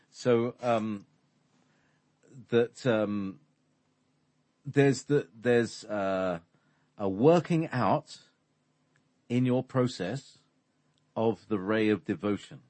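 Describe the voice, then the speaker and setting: A man explaining spiritual ideas in conversation, halting and full of fillers. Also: lowish voice, a little mellow, no room sound. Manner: hesitant, halting, many fillers. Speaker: spiritual teacher.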